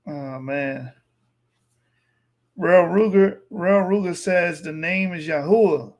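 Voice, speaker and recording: A man with a slightly raised voice hosts in a loose, joking manner, reading comments aloud and teasing the people who wrote them. He sounds relaxed and unhurried. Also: sits high. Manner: relaxed, joking, reads out chat. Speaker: host. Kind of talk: casual podcast, reading viewer comments.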